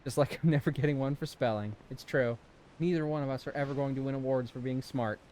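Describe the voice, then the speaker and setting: A man's voice: medium pitch, fairly even intonation, quick pace, a little mellow, slight background noise. A young man from Southern California giving casual, joking let's-play commentary, swearing and bantering with chat. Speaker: gaming streamer.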